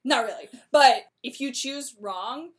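A woman casually recapping a plot in a chatty, slangy way, with quick laughs. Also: high voice.

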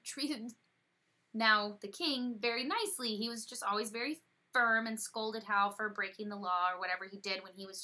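A woman's voice: fairly high pitch, sharp tone. A woman casually retelling a story's plot in a chatty, slangy way. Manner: chatty and slangy, with playful paraphrased quotes. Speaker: presenter summarizing a story.

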